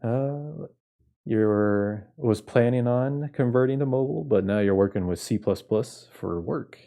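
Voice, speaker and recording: A man's voice: medium pitch, a little slow, vocal fry, dark tone. A man giving casual commentary while playing games, laid-back and chatting with viewers, often laughing. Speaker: game streamer. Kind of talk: casual game playthrough commentary.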